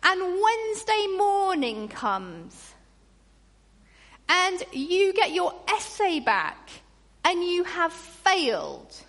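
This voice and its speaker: A woman preaching a sermon in an animated way, acting out grumbling voices. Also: very high voice, extremely slow. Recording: long reverb in a large hall.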